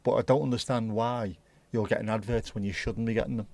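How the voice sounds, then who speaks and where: A man hosting a casual livestream, rambling and thinking out loud as he chats to his viewers. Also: on the low side, fairly even intonation, brisk, dry recording. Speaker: livestream host.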